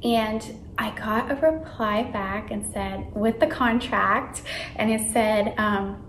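A young woman vlogger telling a story in an animated, chatty way, full of fillers and acted-out quotes. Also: a little high, slow pace, echoey room, a little hiss or hum. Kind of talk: casual storytime.

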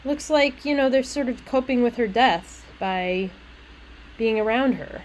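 A woman lecturing on a poem, chatty and animated, breaking off into casual asides as she explains. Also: medium pitch, moderate pace, a little hiss or hum, low-quality recording. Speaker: literature lecturer. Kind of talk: recorded lecture reading a poem aloud.

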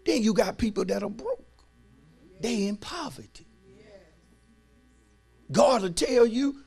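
A male pastor preaching a sermon in church, swinging from soft asides to shouting and calling on the congregation to respond. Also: high-pitched, lively intonation, takes it slowly, vocal fry, pauses often, slightly rough. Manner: colloquial, calls on the congregation to respond.

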